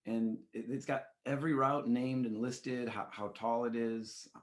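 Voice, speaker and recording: A man's voice: mid-range voice, steady tone, a little slow. A man hosting a casual podcast, upbeat with stumbling restarts. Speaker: podcast host.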